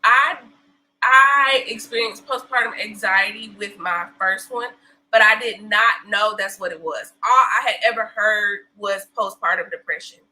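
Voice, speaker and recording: A woman in her thirties, a podcast guest, chatting casually and telling animated stories with laughs and acted-out quotes. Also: mid-range voice, unhurried, rough recording. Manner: animated storyteller, laughs often, acts out quotes. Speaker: podcast guest, breastfeeding specialist. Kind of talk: casual interview chat.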